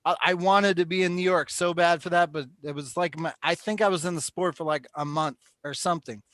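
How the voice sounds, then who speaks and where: A man's voice: fairly high pitch, steady tone, fairly quick, a bit bright, no echo. A man hosting a live call-in show, chatting casually and telling rambling stories. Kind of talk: casual chat.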